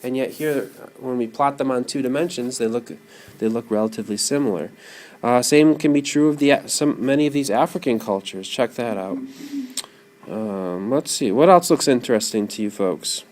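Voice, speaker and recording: A man giving a classroom lecture, animated and often putting questions to his students. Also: mid-range voice, normal speed.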